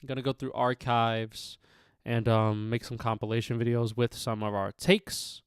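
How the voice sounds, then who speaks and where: A man's voice: medium pitch, little pitch movement, moderate pace, clean tone, no room sound, clean studio sound. A man live-streaming casual sports chat, rambling and swearing freely, with lots of fillers. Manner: rambling, profane, many fillers.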